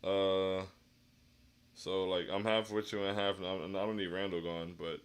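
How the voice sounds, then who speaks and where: Deep, level and unhurried, the man's voice has a clear, resonant tone. He hosts a postgame stream, reading chat while downcast from a loss. His sentences often break off and begin again.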